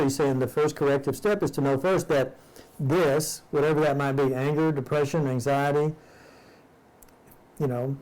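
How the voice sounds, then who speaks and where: A man's voice: fairly high pitch, a little mellow, rough recording. A man leading a live-streamed study group who reads a spiritual text aloud, stumbles and rereads lines, then explains each passage in plain words.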